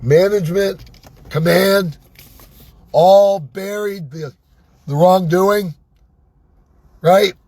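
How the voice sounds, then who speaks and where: A man's voice: sits high, takes it slowly, long pauses, a little mellow, breathy edge. An older man talking in an agitated personal monologue, swearing and asking "right?" again and again. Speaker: vlogger.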